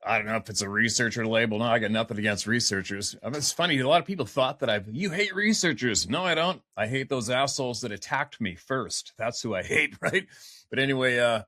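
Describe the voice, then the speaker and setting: A man interviews his guests in a blunt, frustrated way and swears freely. His voice sits at a middle pitch and sounds dry and close. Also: fast talker, bright, forceful tone, no echo. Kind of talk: casual interview chat.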